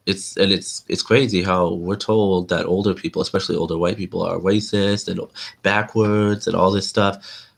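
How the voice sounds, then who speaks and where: Deep, gravelly young man ranting. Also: fairly bright tone. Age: 20s. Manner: rambling, blunt, informal slang. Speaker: live-stream host. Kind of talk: casual monologue to viewers.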